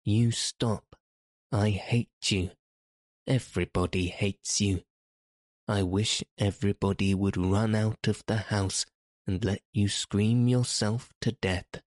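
A man's voice: on the low side, steady tone, slow, no room sound, clean studio sound. A man doing a savage, bossy little girl. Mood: furious. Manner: sharp, commanding scolding.

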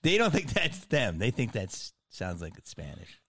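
A man's voice: low voice, very animated, measured pace, vocal fry, fairly bright tone, husky, dry recording, studio quality. A man hosting a casual comedic chat, rambling and swearing, often laughing.

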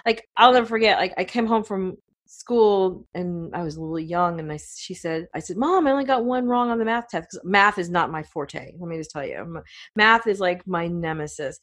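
Middle-aged woman, casual storyteller, rambling and animated, lots of "you know". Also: on the low side, moderate pace. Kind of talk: casual chat.

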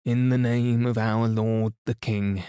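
A man voicing a grown male herald who shouts a formal summons, in a bedtime storybook reading. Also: mid-range voice, little pitch movement, slow, clear, resonant tone, no room sound, studio quality, natural voice. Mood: stern.

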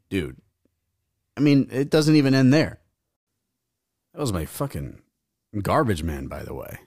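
Young male podcast host, profane and rambling, lively swooping delivery, dry close sound. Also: mid-range voice, moderate pace, long pauses, no echo. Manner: rambling, profane, acts out quoted voices. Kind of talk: casual storytelling. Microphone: podcast mic.

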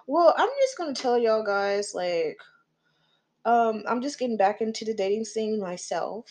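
With a medium-pitched, slightly mellow voice, a middle-aged podcast host chats casually through a story. She swears freely and tosses in laughing asides.

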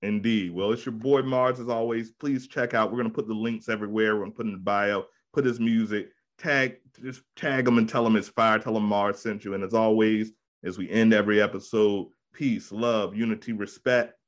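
Man, podcast host, casual chat, slangy hype-man energy, lowish voice. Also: steady tone, fairly quick, hardly any pauses.

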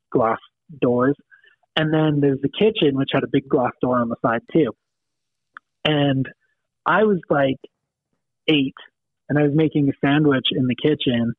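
A man's voice: mid-range voice, dry recording. A man with a Manchester accent telling a ghost story in casual chat, rambling and laughing, with lots of ums. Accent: Manchester English. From England. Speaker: podcast guest storyteller. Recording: dry, tinny phone-like line.

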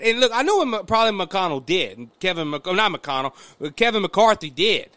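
A man from Louisiana with a Southern accent, hosting casual political commentary in an animated, rambling way with frequent restarts. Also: high voice, no echo.

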